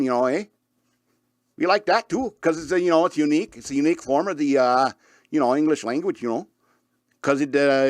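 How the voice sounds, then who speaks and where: A man's voice: fairly high pitch, dry recording, studio quality. A man hosting a radio show, talking in a casual, rambling way with frequent chuckles and restarts. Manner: rambling, chuckles often, many fillers and restarts. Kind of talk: casual rambling podcast chat.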